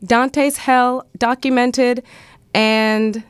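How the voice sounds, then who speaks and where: A woman's voice: a little high, steady tone, very slow, smooth, dry recording. Bubbly congested woman radio host. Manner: bubbly, effusive, gushing praise. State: congested from a cold. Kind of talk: talk show hosting.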